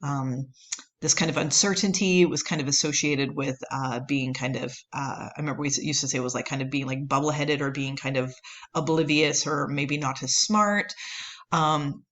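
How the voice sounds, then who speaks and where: A woman's voice: sits low, moderate pace, fairly bright tone. A woman lecturing on anthropology, explaining at length with many fillers and "right?" checks. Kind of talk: recorded lecture.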